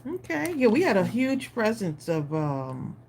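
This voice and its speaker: A woman's voice: mid-range voice, very animated, unhurried, vocal fry, a little mellow, slight background noise. A woman co-hosting a live stream, chatting and telling family stories. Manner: chatty, reacts with short murmurs and laughs. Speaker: co-host of a live craft stream. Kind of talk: casual chat.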